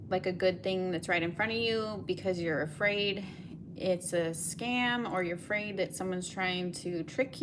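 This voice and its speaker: A woman's voice: fairly low pitch, background noise. A young woman giving a collective tarot reading, talking in a meandering way with many fillers. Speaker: tarot reader.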